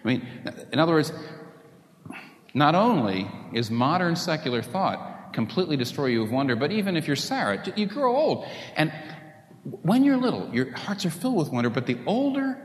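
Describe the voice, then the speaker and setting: A man preaching a sermon, putting rhetorical questions to the congregation in an animated way. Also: medium pitch. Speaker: pastor. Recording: echoey hall with faint room noise.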